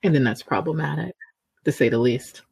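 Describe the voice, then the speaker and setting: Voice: mid-range voice, fairly quick, creaky, a little mellow, husky, no echo. A podcast guest speaking reflectively, building points with "right?" and "you know.". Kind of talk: reflective conversational talk.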